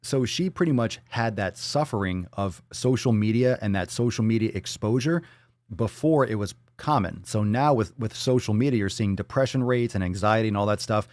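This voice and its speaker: At normal speed and in a lowish, darkish tone, a man reads chat messages on his casual Florida live stream, joking and cursing loosely, every so often switching to silly voices. The recording is studio quality with no room sound.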